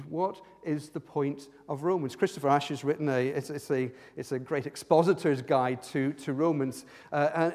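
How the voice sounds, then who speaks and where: A pastor preaches a sermon, stumbling and repeating words while his pitch and loudness swing up and down. The recording carries a long hall reverb.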